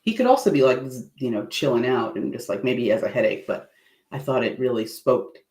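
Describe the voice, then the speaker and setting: Playful, animated man coaching in an echoey room. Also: mid-range voice, brisk. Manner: animated, acts out facial expressions with playful asides. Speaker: presentation coach hosting a livestream. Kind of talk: livestream lesson.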